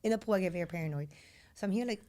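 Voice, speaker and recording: A woman's voice: mid-range voice, rapid-fire. A woman in her thirties from Latin America co-hosts a casual podcast chat. She tells stories animatedly, leaning on fillers and acting out quoted lines. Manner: animated storytelling, many fillers, acts out voices. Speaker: podcast co-host.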